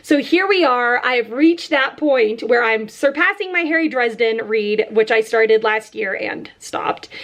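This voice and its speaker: A woman chatting casually about the books she plans to read, talking fast and loosely with many fillers as she goes. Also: sits high, fairly bright tone. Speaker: book vlogger.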